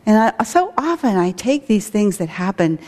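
A woman's voice: mid-range voice, sing-song, normal speed, darkish tone. A woman who directs a school, giving an earnest spiritual talk with stories. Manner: earnest, storytelling with acted quotes. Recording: long hall reverb.

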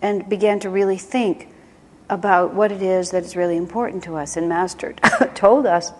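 An American woman teaching a spiritual class talks in a conversational, reflective way and frequently starts her sentences over. Her voice sits at a medium pitch with a slightly rough texture. The recording carries a long hall reverb.

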